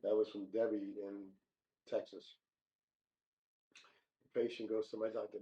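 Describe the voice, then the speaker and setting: A man hosting a joke show, reading listener jokes aloud with small stumbles and quick voice changes for the characters. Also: lowish voice, flat delivery, dark tone. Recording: dull lo-fi sound.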